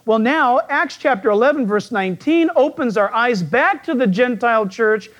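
A man with a croaky, frog-like voice, preaching a folksy sermon as a pastor who jokes and asks his listeners questions. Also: very high-pitched, expressive, moderate pace, a bit bright, lo-fi sound.

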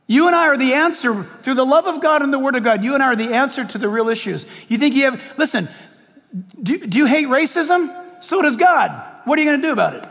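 A man preaching a sermon as pastor, impassioned and full of rhetorical questions, swinging from loud calls to quiet asides. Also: extremely high pitch, in a large hall. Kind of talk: outdoor sermon.

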